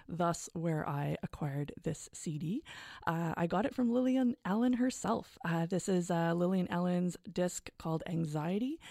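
Casting: woman radio host, middle-aged, mellow dark tone, dry close sound, easygoing chatty delivery. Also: on the low side, gravelly, no echo. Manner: conversational, relaxed, with frequent hesitations. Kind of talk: casual radio presenting.

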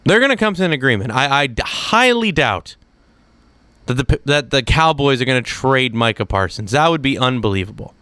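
Animated sports-talk man, bright crisp voice. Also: dry recording. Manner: animated, mimics people in quick asides, lively pitch swings. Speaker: sports commentator. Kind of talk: opinionated solo sports talk.

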